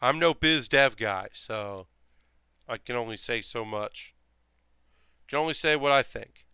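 Yawning and sleepy, a man chats casually on a live stream while building a model, rambling and muttering to himself as he thinks aloud. His mid-range voice is unhurried, pushed and bright, clear and resonant, in a dry recording.

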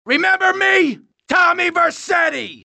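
A man's voice: very high voice, expressive, extremely slow, sharp tone, full character voice. An actor playing a hot-tempered middle-aged male gangster in a video game, barking short hostile taunts. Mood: shouting rage. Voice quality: gravelly, menacing. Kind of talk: game voice lines.

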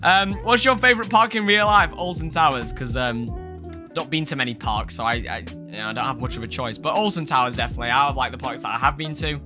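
A man's voice: mid-range voice, fast talker, music in the background. A young British man hosting a casual gaming livestream, giggling often, reading chat aloud and saying "guys" constantly. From England. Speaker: livestream host.

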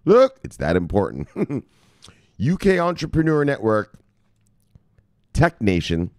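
In a dry recording with clean studio sound, a man of medium pitch takes his time as he hosts a crypto news show. He reads each headline, then riffs on it in an animated, casual, profane way laced with jokes.

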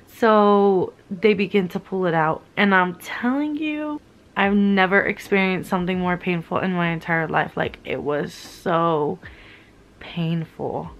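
A woman's voice: medium pitch, normal speed. A young woman telling a story to her vlog camera while still in pain, her voice worn and weary. She talks candidly and casually, with swearing and plenty of "like" filler. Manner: candid, swearing, heavy use of "like". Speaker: vlogger.

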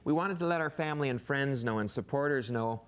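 A man's voice: medium pitch, fairly quick, clear, resonant tone. A man talking on a studio talk show as a guest missionary and TV producer, earnest and enthusiastic, with frequent restarts. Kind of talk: casual studio chat.

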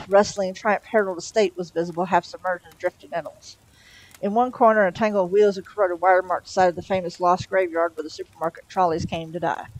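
A woman's voice: lowish voice, no room sound, poor audio. A woman reading a novel aloud in a casual way, with small stumbles and self-corrections. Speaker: storyteller.

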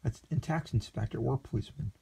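Brief: man playing a condescending, grasping lawyer with a gravelly, dark tone. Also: medium pitch, fast talker, a little hiss or hum, natural voice. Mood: scheming. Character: greedy smooth-talking male city lawyer.

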